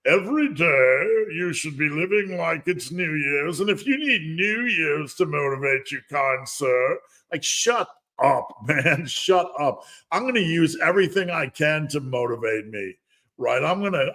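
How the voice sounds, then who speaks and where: A middle-aged man hosting a casual fitness livestream Q&A, chatty and rambling, with asides and laughs. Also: medium pitch. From United States. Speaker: fitness coach and livestream host.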